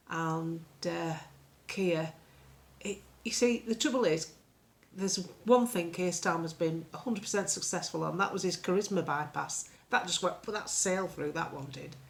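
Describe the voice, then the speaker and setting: A woman's voice: lowish voice, unhurried, gravelly. Sarcastic rambling older woman blogger. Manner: sarcastic, rambling, full of ums. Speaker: political blogger. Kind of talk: casual spoken monologue.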